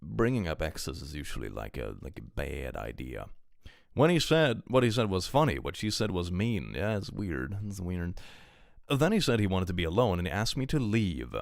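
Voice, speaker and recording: Deep-voiced man ranting on stream. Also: very animated, normal speed, creaky, dry recording, clean studio sound. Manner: reads posts aloud then rants about them, swears freely. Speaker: streamer reacting to online posts. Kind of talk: casual live-stream commentary.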